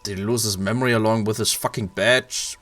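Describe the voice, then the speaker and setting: A man with a German accent voicing a furious, foul-mouthed police partner who shouts and swears. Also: on the low side, steady tone, a little fast, soft background music, close to an everyday voice. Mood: angry, mocking.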